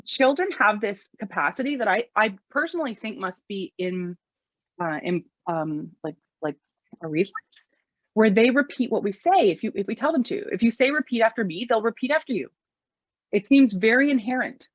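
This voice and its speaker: A woman's voice: medium pitch, no echo. Chatty woman giving parenting tips, dull dry sound. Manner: chatty, lots of "like" and fillers, acts out quoted phrases. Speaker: parenting speaker. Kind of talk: casual talk.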